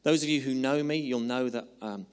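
A male preacher at a mid-range pitch delivers an earnest sermon, drawing out key words before drifting into relaxed, joking asides. His voice rings out in a large hall with a long, trailing reverb. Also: clear, resonant tone. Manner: earnest, slows for emphasis, loosens into chatty humorous asides.

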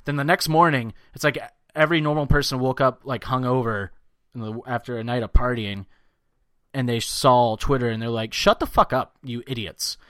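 A brash man riffs on a podcast and swears freely. His voice sits at a middling pitch. It is recorded close and dry, with no room sound. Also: fairly even intonation, brisk, clean tone, dry recording. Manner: loud, crude, swearing, breaks into mocking voices. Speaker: podcast co-host. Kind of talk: casual profane chat.

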